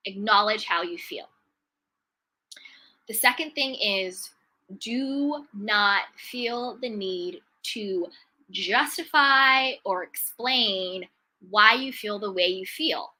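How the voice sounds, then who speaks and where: Bright, emphatic woman self-love coach. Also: medium pitch, low-quality recording. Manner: emphatic and repetitive, slows to stress key phrases. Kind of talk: motivational talk to camera.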